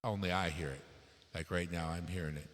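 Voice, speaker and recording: A man casually walking through his streaming gear, relaxed and rambling, correcting himself as he goes, into a dynamic microphone. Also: low voice, a little fast, long reverb tail, slight background noise. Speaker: YouTube creator reviewing streaming gear.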